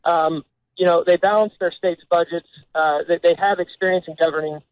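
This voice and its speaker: Earnest stammering male caller, high-pitched. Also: fairly even intonation, a little fast, lo-fi sound. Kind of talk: radio call-in.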